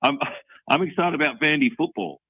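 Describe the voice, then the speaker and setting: A man's voice: on the high side, brisk, fairly bright tone, husky, no echo, rough recording. A man with an Australian accent, calling in to a sports talk radio show and chatting casually. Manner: laid-back, uses mate and bloody. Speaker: caller. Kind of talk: casual call-in chat.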